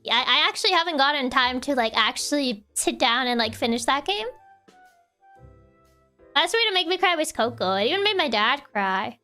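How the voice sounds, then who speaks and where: A woman streamer chatting casually with her viewers, her voice high and bright. She talks in a loose, chatty way, laughs often and keeps saying "like". Faint music plays under her. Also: animated, moderate pace. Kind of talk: casual chat while reading viewer messages.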